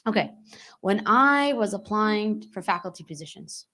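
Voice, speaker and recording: A young woman tells a personal story to a room of listeners. She speaks conversationally and keeps turning to the audience with quick questions to bring them along. Her voice sits in an ordinary middle pitch. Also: lively intonation, bright, forceful tone. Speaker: guest speaker. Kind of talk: storytelling talk to a live audience. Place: community hall.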